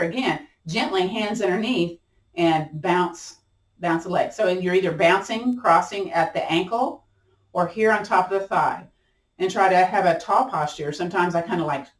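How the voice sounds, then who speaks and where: A woman instructor leading a gentle chair yoga class, chatty and playful, often laughing and encouraging. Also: fairly low pitch, recorded from a distance. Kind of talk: guided exercise class. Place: room at home. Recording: roomy sound from off-mic.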